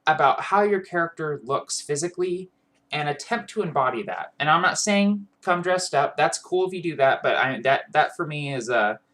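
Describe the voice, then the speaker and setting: A man's voice: fairly high pitch, animated, moderate pace, bright, forceful tone. A man gives casual tips on tabletop role-playing. He speaks earnestly and loosely, with frequent fillers and restarts. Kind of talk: casual advice monologue.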